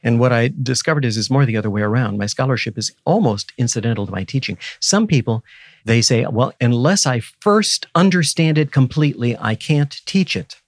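A man's voice: mid-range voice, expressive, fairly quick, dry recording, clean studio sound. A man in his seventies, a guest scholar in an interview, talking in an earnest, teacherly and emphatic way. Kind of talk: reflective interview conversation.

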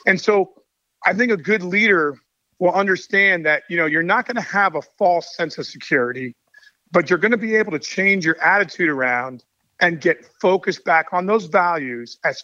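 A man's voice: high voice, moderate pace, no room sound, dull audio. A middle-aged man, a baseball coach and author, talking energetically and telling stories in a casual interview. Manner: energetic, enthusiastic storyteller. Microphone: call mic.

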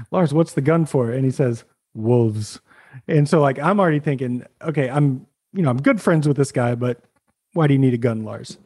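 Mellow-voiced man telling a story. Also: mid-range voice. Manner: animated anecdote telling with laughs. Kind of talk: casual storytelling chat.

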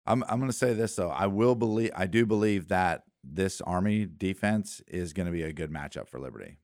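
A man's voice: low voice, a little fast, no room sound, studio quality. A man co-hosting a sports talk show, telling stories and acting out plays. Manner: storytelling, animated when acting out plays.

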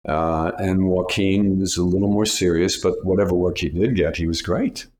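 An older man tells stories in a very low, deep voice. He is a retired casting director who acts out other people's lines as he goes. The tone is that of a relaxed interview. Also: normal speed. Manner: anecdotal, acts out quoted voices. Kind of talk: storytelling interview.

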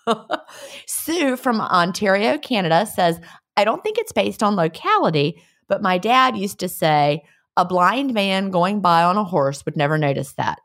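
A woman's voice: mid-range voice, animated, measured pace, fairly bright tone. A woman co-hosting a casual chat, reading listener letters and playing with quirky phrases. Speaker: podcast co-host.

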